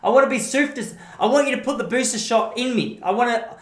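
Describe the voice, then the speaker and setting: A man's voice: fast, roomy sound. An Australian man voicing a frightened adult who begs for booster shots, whiny and pleading. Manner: whiny, pleading, higher and louder than his own voice.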